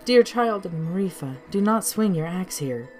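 A woman voices a pleading forest spirit in a lowish, slightly mellow, animated tone at a moderate pace, over soft background music. The character voice sits above her own natural pitch yet stays close to an everyday voice.

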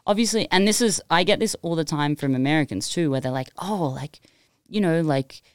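Lively Australian woman, smooth low voice. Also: brisk, dry recording, clean studio sound. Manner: animated storyteller, lots of "like". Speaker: guest producer. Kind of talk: casual chat.

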